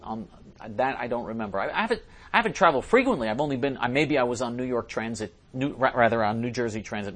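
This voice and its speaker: Reading out messages from listeners, a male talk show host answers each one with emphasis, frequently restarting and repeating phrases in his mid-range voice.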